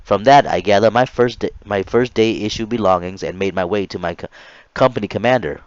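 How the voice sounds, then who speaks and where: A man in his late thirties reads a chapter of his own memoir aloud in an earnest, low voice, now and then tripping over a word and starting again. The recording is dry and a little dull. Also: fairly quick, no echo. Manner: earnest reading with small stumbles and restarts. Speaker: author reading his memoir.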